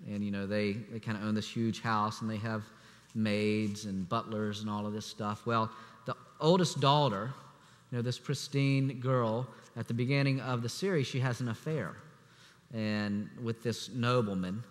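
A man preaching a sermon as assistant pastor, speaking conversationally with restarts and fillers, sometimes dropping to a hushed voice. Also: fairly low pitch, steady tone, normal speed. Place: church sanctuary. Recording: echoey church hall.

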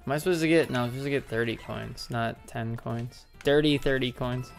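A man's voice: mid-range voice, fairly quick, creaky, soft background music. A man casually commenting on a video game while a little tipsy, rambling, joking and swearing freely. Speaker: gameplay streamer.

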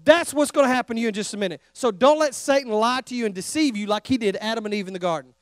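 High-voiced Texan preacher, animated. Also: male voice, quick pace, dry recording, clean studio sound. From Texas. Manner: animated, calls out questions to the congregation. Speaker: traveling evangelist. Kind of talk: sermon. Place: church sanctuary.

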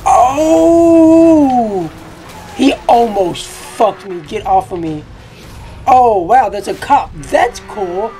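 A young woman commentating a racing game from her college dorm room. She keeps her voice quiet but breaks into profane, excitable outbursts. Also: medium pitch, slow, faint music behind. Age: young adult. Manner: talking quietly. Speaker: gaming YouTuber. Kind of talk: gameplay commentary.

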